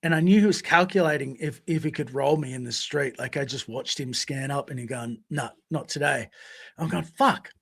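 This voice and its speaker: A man co-hosting a podcast, telling stories casually in an animated way, swearing freely and acting out voices. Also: mid-range voice, a little fast, gravelly, few pauses, breathy edge. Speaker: podcast co-host. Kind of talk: casual storytelling.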